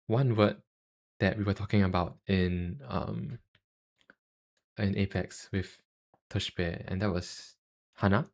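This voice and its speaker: Slow, low-voiced male streamer. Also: creaky, darkish tone. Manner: halting, filler-heavy, self-deprecating. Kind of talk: casual livestream chat.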